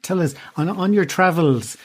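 A man with a husky, slightly rough voice hosts an interview. He asks his questions in a friendly, casual way, often with a light laugh behind them. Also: sits high, expressive, normal speed. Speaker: interviewer host.

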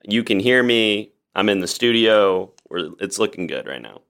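A man speaking as a guest on a podcast, easygoing and relaxed, recording from a studio. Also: lowish voice, normal speed. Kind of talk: casual podcast chat.

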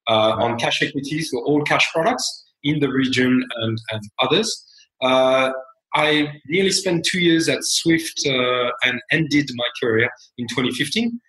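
A man with a French accent, a company co-founder answering interview questions at an unhurried pace and often trailing off quietly. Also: mid-range voice. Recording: roomy echo.

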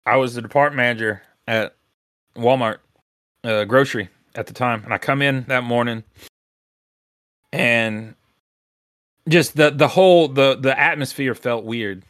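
A man on a casual podcast telling a workplace story in a lively, animated way, acting out the people he quotes. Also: mid-range voice, measured pace, long pauses, dry recording, studio quality. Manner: animated storyteller who acts out quoted voices.

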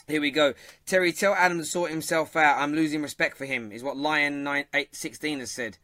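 A man's voice: fairly high pitch, steady tone, brisk, pushed and bright, dry recording, clean studio sound. A man with a London accent hosting a football show, chatting casually, reading viewer comments and laughing often. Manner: laughs often, banters with chat. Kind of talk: casual live-stream chat.

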